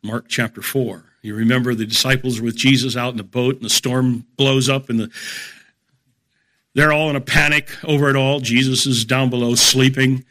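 Middle-aged male Bible teacher, bright tone, steady emphatic lecture delivery. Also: medium pitch. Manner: measured, emphatic, explains verse by verse.

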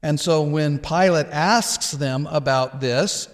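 A man's voice: a little high, slow, long reverb tail. A man teaching a lecture on a Bible passage, explaining it step by step and acting out the quoted exchanges.

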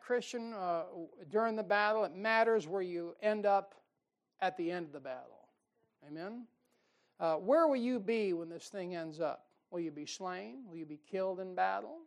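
A man preaching a sermon in a folksy, animated way, asking the congregation questions and drawing out key words for emphasis. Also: sits high.

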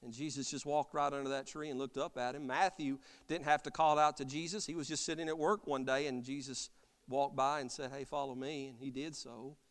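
A man preaching an impassioned sermon as pastor, swinging from loud cries to soft, quiet lines. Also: mid-range voice, fairly even intonation, brisk. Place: church sanctuary. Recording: long church reverb.

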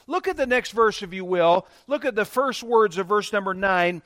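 High-voiced preacher, dry close sound. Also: male voice, brisk, few pauses, a bit bright, no room sound. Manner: preaching with call-and-response, rising to emphatic bursts. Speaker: pastor. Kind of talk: sermon.

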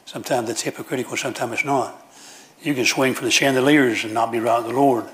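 A man's voice: mid-range voice, fairly even intonation, fast talker, fairly bright tone. Folksy male preacher mid-sermon. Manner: folksy storytelling with frequent restarts and repetition.

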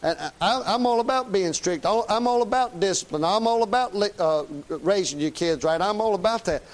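A man's voice: high-pitched, lively intonation, fairly quick. A middle-aged man, preaching a folksy, plain-spoken, emphatic sermon. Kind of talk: conversational sermon.

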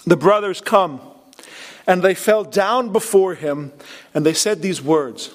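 A man preaching a sermon in an earnest, impassioned way, with dramatic pauses. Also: sits high. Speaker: pastor.

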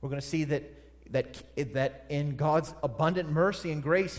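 A man's voice: on the high side, measured pace. A man preaching a sermon, emphatic and repeating phrases for stress. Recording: long hall reverb.

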